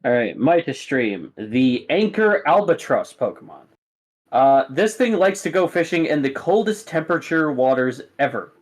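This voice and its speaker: A man's voice: fairly high pitch, big pitch swings, normal speed. A man narrating as game master, rambling with many fillers.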